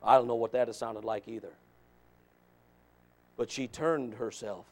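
A male pastor preaching a sermon, swinging between shouting and hushed softness, with stammering restarts. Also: mid-range voice, fairly even intonation, a little slow, long pauses.

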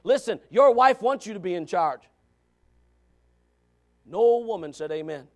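A male pastor preaching a fiery sermon, swinging from shouts to low asides. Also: lively intonation, measured pace.

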